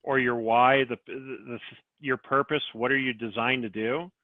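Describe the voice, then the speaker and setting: A man's voice: medium pitch, fairly even intonation, moderate pace, no room sound. Man, business coach, podcast talk, guiding questions, tinny phone-like sound, dry. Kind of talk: podcast conversation.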